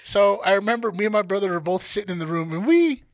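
A man's voice: high voice, fast, dry recording. A man co-hosting a podcast, telling a childhood story casually, swearing a lot and acting out the people in it. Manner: profane, animated storyteller acting out quotes. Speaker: podcast co-host.

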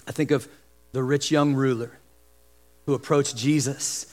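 A man preaching a sermon as pastor, lively, acting out the voices of the people he describes. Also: mid-range voice, measured pace, long pauses. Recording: long hall reverb.

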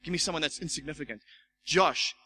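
A man preaching a sermon as pastor, animated, stumbling over repeated words and acting out the voices he quotes. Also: on the high side, fast talker, a little hiss or hum, poor audio. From South Africa.

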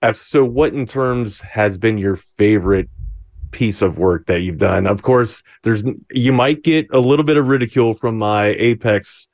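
A man's voice: on the low side, normal speed, darkish tone. A male host interviewing a guest in a playful, laughing way. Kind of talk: casual interview chat.

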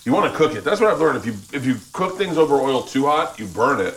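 A man's voice: medium pitch, sing-song, quick pace, a bit bright. A man hosting a cooking show in his kitchen, upbeat and casual. He swears freely and keeps repeating his agreement as he talks his guests through the dish. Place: home kitchen with cooking sounds.

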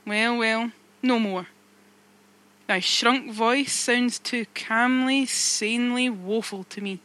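A brooding, obsessed old sea captain voiced by a woman reading a novel aloud, declaiming in archaic speech with a bright, ringing tone. The voice stays raised and pressing. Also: on the high side, takes it slowly. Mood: impatient.

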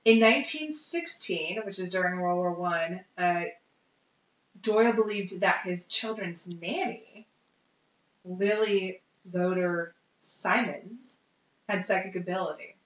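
A woman's voice: on the low side, takes it slowly. Chatty woman in a roomy, dull recording. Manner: lively, tells history with frequent ums and uhs. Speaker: podcast co-host. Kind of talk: casual chat.

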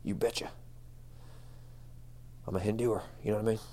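A man's voice: on the low side, little pitch movement, normal speed, mellow. A man co-hosting a comedic podcast, rambling through jokes with lots of fillers and restarts. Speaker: podcast co-host.

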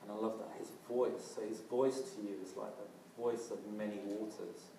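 Earnest preacher in a roomy hall. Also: male voice, fairly low pitch, fairly even intonation, normal speed, gravelly, warm tone, a little hiss or hum. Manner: earnest, with frequent restarts and fillers. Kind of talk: sermon. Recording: roomy, from a distance.

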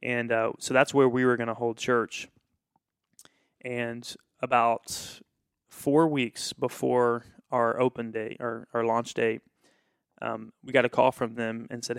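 A man's voice: medium pitch, level tone, takes it slowly, creaky, clean tone, no room sound, clean studio sound. A man who is a pastor, telling a story in casual conversation and acting out the quoted dialogue with animation.

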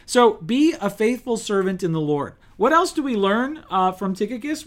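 A man preaching a sermon in a lively, conversational way, asking rhetorical questions and acting out little quotes. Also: sits high, normal speed. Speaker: pastor.

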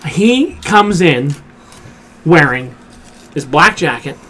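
A man hosting a casual chat show, telling an animated story with a lot of swearing. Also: fairly high pitch, slow pace. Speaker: podcast host.

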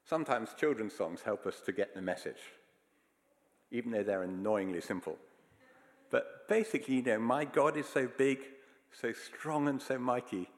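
A man's voice: mid-range voice, moderate pace. A man preaching a sermon, telling stories in an earnest, emphatic way. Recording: long hall reverb.

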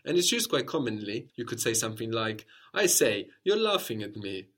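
A man's voice: on the low side, very animated, brisk, a bit bright. A man teaching a language lesson, patiently explaining step by step and modeling phrases for a learner to repeat.

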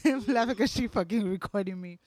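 A woman co-hosting a podcast in casual chat, loud and profane, laughing and acting out voices. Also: mid-range voice, a little fast. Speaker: podcast co-host.

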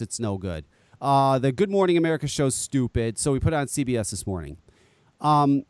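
Guy hosting a live call-in show, really lively up and down voice, rambly, swears a lot, dry close sound. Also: a little high, no room sound. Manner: animated, rambling, swears freely. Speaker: podcast host. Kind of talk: casual live show chat. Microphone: headset.

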